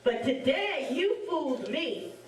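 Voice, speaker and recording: A woman's voice: high voice, very animated, slow, reverberant, far from the mic, heavily acted. A woman voicing a cheeky little boy who teases an alligator in a playful, sing-song way, in a children's storytelling show. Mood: teasing.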